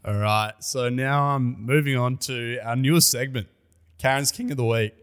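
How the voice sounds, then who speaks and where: A man's voice: medium pitch, normal speed, a bit bright, smooth, long reverb tail. An Australian man co-hosting a casual podcast, introducing segments and asking questions. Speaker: podcast co-host. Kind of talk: casual chat.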